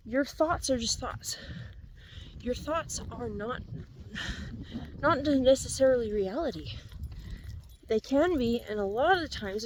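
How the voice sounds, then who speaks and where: A woman's voice: a little high, darkish tone, low-quality recording. A woman talking earnestly and encouragingly while out of breath on a windy outdoor walk with her dog, repeating herself as she gives advice. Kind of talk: casual walking vlog advice.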